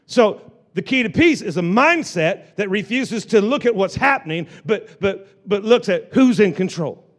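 A male pastor preaching a lively sermon to a live congregation, repeating phrases and joking with the people in the pews. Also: high-pitched, normal speed. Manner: animated preaching with repetitions and asides to the congregation.

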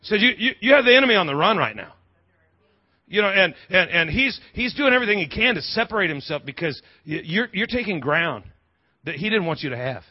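A fairly high, husky male voice preaching with big swings in pitch. He jokes and riffs, repeating words as he builds each point. The sermon recording is dry and a bit dull. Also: dry recording. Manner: animated, humorous preaching with quick asides and repeated words. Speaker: pastor.

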